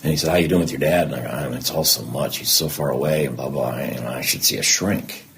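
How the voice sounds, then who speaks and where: This middle-aged podcast guest has a very deep, gravelly voice and talks fast. In a candid interview about his life, he tells stories with animation and performs the dialogue of remembered conversations.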